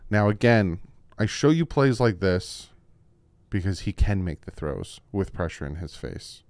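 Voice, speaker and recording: A man hosting a casual football film breakdown at a desk microphone, emphatic and repetitive, his voice jumping up when he gets excited. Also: low-pitched, measured pace, clear, resonant tone, no room sound. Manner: emphatic, repeats points, voice jumps when excited. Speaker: football film-study host.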